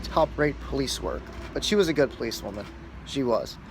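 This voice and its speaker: Casual talker: a man, blunt and foul-mouthed, rambling storytelling, middle pitch, faint background noise. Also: sing-song, a little fast. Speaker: store shift supervisor.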